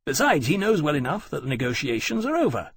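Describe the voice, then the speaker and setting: A man's voice: on the high side, very animated, fast talker, husky, voice pushed up, heavily acted. A man voicing a blunt, hearty male aviator officer with a raised, brusque voice.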